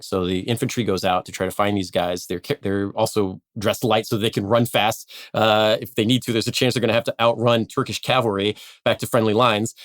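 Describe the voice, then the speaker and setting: A man casually telling a history story on a podcast, animated, acting out quotes and laughing often. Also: fairly low pitch, no echo, clean studio sound.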